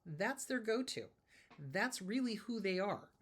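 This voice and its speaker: A woman's voice: medium pitch, lively intonation, unhurried. A woman therapist talks to her audience in a casual advice style. She repeats her points for emphasis and drives each one home. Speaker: therapist and show host.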